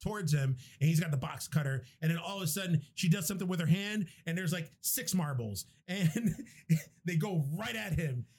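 A young man in casual podcast chat, swearing freely as he excitedly retells a movie plot. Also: a little high, moderate pace, breathy edge. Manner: animated, profane movie retelling.

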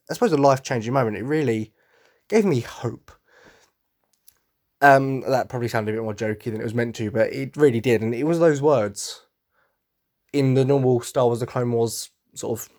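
A man hosting his own podcast, talking casually and excitedly as a fan, acting out quotes and humming tunes. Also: medium pitch. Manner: excitable, acts out quotes and hums music. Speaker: podcast host.

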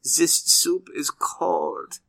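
A prim little German boy speaks in slow, formal, measured words, as a man puts him on. The voice is bright and clear and stays oddly calm and quiet. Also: on the high side, voice pushed up, full character voice.

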